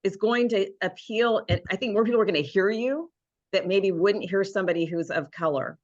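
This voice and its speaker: In a casual interview, a woman hosting a podcast chats warmly and affirmingly, dropping lots of "like"s. Her voice is medium in pitch and a little fast, and the lo-fi audio sounds slightly dull.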